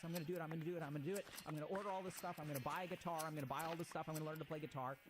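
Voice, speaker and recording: A man with a high voice talks through ideas in a loose, casual lecture, now and then slipping into quick acted-out inner voices. Clear noise sits under the recording throughout. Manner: animated, acts out inner voices, swears casually. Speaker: speaker on motivation and mind. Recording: noisy recording.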